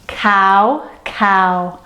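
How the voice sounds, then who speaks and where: A woman leading a children's yoga story, giving slow, soothing instructions with playful animal sounds. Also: mid-range voice, bright, forceful tone, slight background noise. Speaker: kids yoga teacher.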